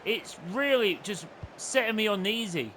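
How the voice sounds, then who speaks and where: A young man commentating his own football video game, excitable and openly venting at the play. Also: high-pitched, moderate pace, a little hiss or hum. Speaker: gaming channel host. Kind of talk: live gameplay commentary. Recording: game music playing underneath.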